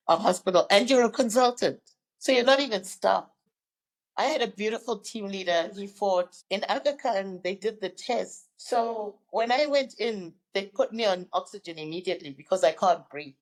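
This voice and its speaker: A woman in her fifties from Zimbabwe tells her story as an interview guest. She speaks at a middling pitch and slips into the voices of the people she quotes. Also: animated, moderate pace, low-quality recording. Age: 50s.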